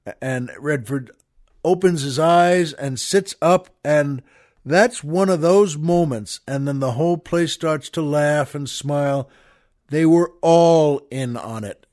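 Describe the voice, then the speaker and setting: Guy hosting a podcast, bit high voice, gushing and rambling about a movie scene, lots of restarts. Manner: enthusiastic, rambling retelling with restarts, addresses listeners as folks. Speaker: podcast host. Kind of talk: casual storytelling monologue.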